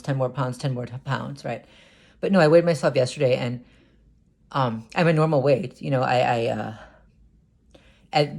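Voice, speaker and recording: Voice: medium pitch, creaky, darkish tone. An adult talking through a personal confessional vlog, hesitant and stammering, with many restarts and repeated words. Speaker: vlogger.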